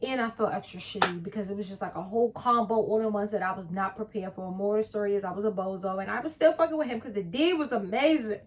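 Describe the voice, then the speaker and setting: A young woman tells a personal story in a casual, blunt, profane and animated way. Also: mid-range voice, quick pace, hardly any pauses, slight background noise. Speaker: vlogger.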